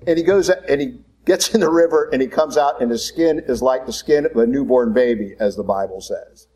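A man preaching a sermon in a conversational, animated storytelling manner. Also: medium pitch, low-quality recording.

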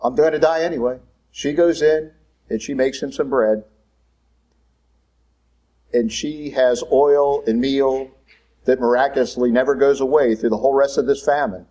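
A man preaching a sermon in a conversational, animated storytelling manner. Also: medium pitch, measured pace, pauses often, low-quality recording.

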